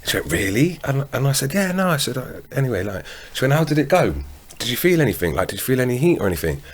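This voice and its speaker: A man's voice: medium pitch, very animated, rapid-fire. A man, co-hosting a podcast, telling rambling anecdotes full of slang and swearing. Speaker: podcast co-host. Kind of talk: casual chat.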